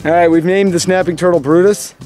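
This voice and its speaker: A man's voice: high voice, fairly even intonation, brisk, a little mellow, soft background music. A man hosting a family vlog, narrating casually to the camera outdoors by a lake and joking along the way. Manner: jokey, chatty, talking to camera. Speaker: vlog host, dad. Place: outdoors by a small lake and marsh.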